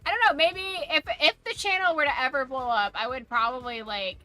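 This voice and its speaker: A woman streamer with a mild Southern American accent, chatting casually with her chat in a rambling way, her voice going a bit hoarse. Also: high-pitched, a little fast, pushed and bright. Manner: rambling, many "like" fillers and restarts.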